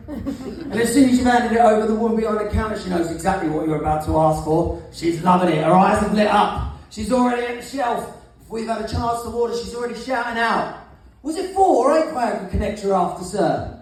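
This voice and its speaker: Brash high-voiced man doing stand-up. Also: darkish tone. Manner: brash, punchy, swings into mimicry. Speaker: stand-up comedian. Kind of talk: stand-up routine. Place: comedy club. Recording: echoey club from far off.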